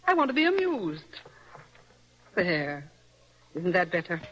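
An actress playing a composed, gently teasing young wife in a radio play, with a motherly manner. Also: on the low side, very animated, takes it slowly, exaggerated voice, poor audio. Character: warm, teasing, self-assured young wife. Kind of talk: radio stage-play acting.

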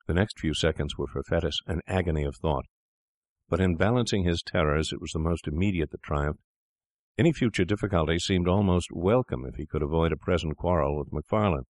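A man narrating a classic tale in a measured, grave manner. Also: sits low, darkish tone, no room sound, clean studio sound.

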